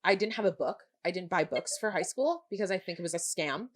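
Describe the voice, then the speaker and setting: A woman's voice: fairly low pitch, animated, fairly quick. A woman in her twenties co-hosting a podcast, telling stories in a sarcastic, casual way and swearing freely. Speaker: podcast co-host. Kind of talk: casual chat.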